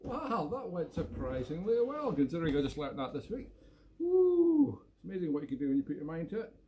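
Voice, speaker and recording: Playful Scottish man, lively voice. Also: fairly high pitch, quick pace. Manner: playful, jokey and self-mocking. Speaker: accordion player hosting a weekly live show. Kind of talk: casual chat between tunes. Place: at home.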